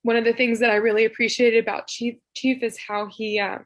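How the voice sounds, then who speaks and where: A woman from Tennessee giving a heartfelt personal remembrance over a video call, speaking softly and haltingly with frequent laughter. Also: on the high side, level tone, dry recording. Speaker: memorial speaker.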